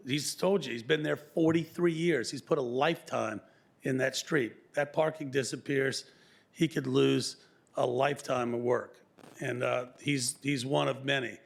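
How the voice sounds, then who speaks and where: A man with a gravelly voice speaks into a podium microphone at a county meeting. He talks in a grateful, appreciative way and gives plain, direct praise. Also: mid-range voice, moderate pace. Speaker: public commenter, local business owner. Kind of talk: public comment at a county meeting. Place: county board meeting room.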